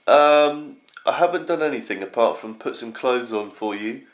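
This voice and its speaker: A young man rambling through a casual early morning vlog at home, his voice groggy and croaky from just getting up. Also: mid-range voice, normal speed. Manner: rambling, scattered. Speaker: vlogger.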